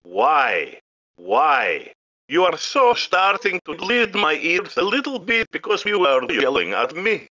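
A man's voice: high-pitched, sing-song, slow, creaky, bright, forceful tone, full character voice. A man voicing a cheeky, whiny young sidekick in a fan-made cartoon, nagging and pleading. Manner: pleading, nagging, springy intonation. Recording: dull lo-fi audio.

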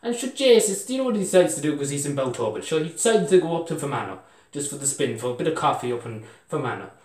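Brief: young Irish man, lively up-and-down delivery, meandering comic yarn, roomy echoey room. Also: on the high side, fast talker. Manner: meandering, full of fillers like "sure, Jesus", chuckles at his own jokes. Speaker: storyteller. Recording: roomy echo, mic far off.

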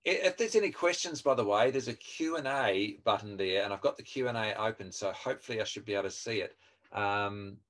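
A man leads an online training session over a video call microphone. His pitch sits in an ordinary middle range. He talks in a friendly, chatty way, full of fillers, restarts and asides to the group. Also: a bit bright. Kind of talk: online webinar teaching.

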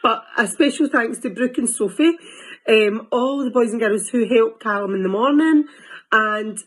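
A woman, a teacher and mother, giving a soft, halting farewell message while close to tears. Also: fairly high pitch. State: tearful, voice close to crying. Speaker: teacher and parent.

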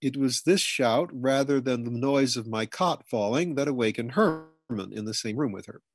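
A man narrates a humorous memoir as an audiobook reader, speaking at a moderate pace in scripted fashion. Now and then he leaps into loud, high shouts to voice the family members he quotes.

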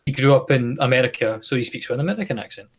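A man with a mid-range voice chats on a podcast. He tells stories in a relaxed, easygoing way and laughs easily along the way. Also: medium pitch, rapid-fire. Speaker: podcast co-host. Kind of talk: casual chat.

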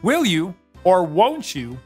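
Guy running a kids' church quiz game, bouncy lively voice, light music underneath. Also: sits high, slow pace, breathy edge. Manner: playful, teasing quizmaster. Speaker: children's church game host.

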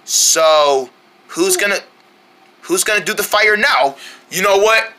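A woman's voice: mid-range voice, takes it slowly, sharp tone. A woman performing playful skits and mock ads, switching between silly character voices.

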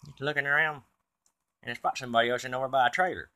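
A man's voice: medium pitch, fairly even intonation, very fast, pushed and bright. A man telling a comic tall tale in a folksy, rambling way. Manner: folksy, tall-tale telling, quotes others in his own voice. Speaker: comedic storyteller. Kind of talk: comedic monologue.

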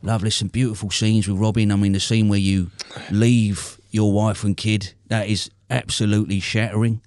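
A man playing a crude, brash middle-aged hardman, co-hosting a comic interview with deadpan swearing boasts. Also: lowish voice, moderate pace, clear, resonant tone, dry recording, clean studio sound, natural voice. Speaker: co-host.

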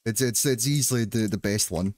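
A man's voice: fairly low pitch, moderate pace, a little mellow, no echo, studio quality. A man with a Glaswegian Scottish accent chatting casually and joking with viewers while playing a game, rambling with frequent restarts. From Scotland. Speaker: livestreamer. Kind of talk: casual chat while gaming.

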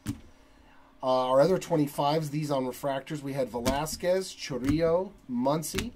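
A man hosting a trading card break, reading long lists of player names in a steady cadence. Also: on the high side, normal speed, slight background noise, poor audio.

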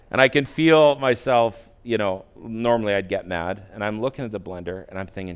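A man in his forties, a pastor, telling a personal story in a sermon, acting out his own inner voice and swinging from quiet asides to loud outbursts. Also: on the low side, a little fast, hardly any pauses, smooth. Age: 40s. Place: church.

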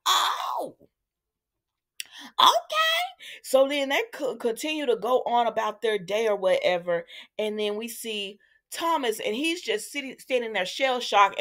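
A woman hosting a casual soap opera recap, chatting to her viewers in an animated, storytelling way. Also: a little high. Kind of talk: casual commentary.

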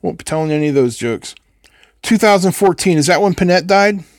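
Chatting while he solders on a live build stream, an older host rambles and responds to viewers between steps. He has a high, expressive voice and speaks fairly quickly, in a dry, studio-quality recording.

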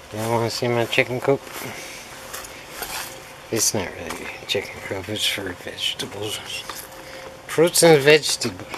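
A man, a pool instructor, talking in a casual, rambling vlog with wry, self-mocking asides. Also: medium pitch. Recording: air-conditioner hum behind.

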